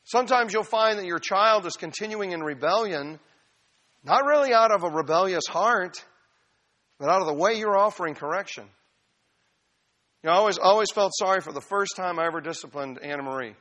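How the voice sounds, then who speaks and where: A middle-aged man preaching from the pulpit with a notably high voice. His tone is bright and forward as he explains a passage. He keeps it conversational and emphatic, weaving in personal stories like he's talking with his own church family. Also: a little fast. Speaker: pastor. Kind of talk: expository sermon.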